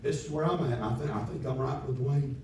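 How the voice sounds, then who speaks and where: A man preaching a sermon, swinging from quiet scripture reading to shouted, folksy preaching. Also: medium pitch, brisk, slight background noise. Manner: folksy, colloquial phrasing. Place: church. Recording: echoey hall from far off.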